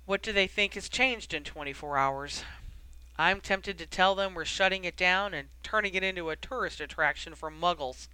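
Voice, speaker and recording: A weary middle-aged wizard official, worn down by his work, who grumbles his way through his complaints with a dry, wry edge, as the audiobook reader puts him on. The voice is bright and crisp and sounds dry and close. He talks briskly, as if he is always pressed for time. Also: medium pitch, no echo, close to an everyday voice, rough recording.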